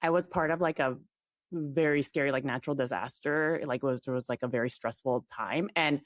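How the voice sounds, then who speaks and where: A young woman with a low speaking voice talks eagerly as a podcast guest, leaning on casual fillers. The sound is dry and close to the mic. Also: a little fast, no room sound. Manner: chatty, fillers of "like", enthusiastic. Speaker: guest, fertility app CEO.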